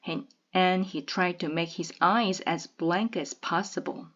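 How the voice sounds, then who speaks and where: Woman reading a children's novel aloud, slow, slightly low voice, muffled lo-fi sound. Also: steady tone, a bit bright.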